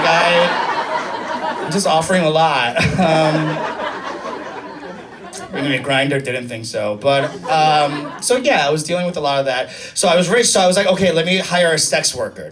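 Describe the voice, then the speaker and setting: High-voiced man doing stand-up. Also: far from the mic, background noise. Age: 30s. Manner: chatty, self-mocking, breaks into high squealing impressions. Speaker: stand-up comedian. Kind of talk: stand-up comedy set. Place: comedy club stage. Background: audience laughter.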